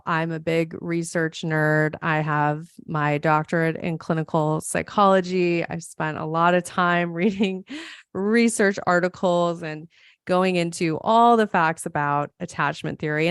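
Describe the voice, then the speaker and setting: A woman's voice: on the low side, clean tone, no echo, studio quality. A woman psychologist from Montana hosting a solo podcast, explaining ideas in an earnest, friendly way with self-deprecating asides. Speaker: podcast host and clinical psychologist.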